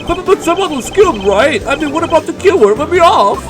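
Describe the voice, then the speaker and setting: A man voicing a panicky airplane passenger in a shrill, frantic voice. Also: very animated, rapid-fire, distant mic, over music. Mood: panicked.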